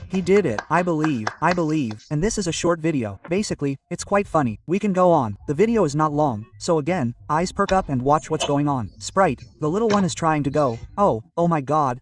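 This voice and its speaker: Animated man joking through a reaction video. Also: fairly high pitch, brisk, hardly any pauses, distant mic. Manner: animated, exclaiming, joking asides to viewers. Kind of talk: casual reaction commentary.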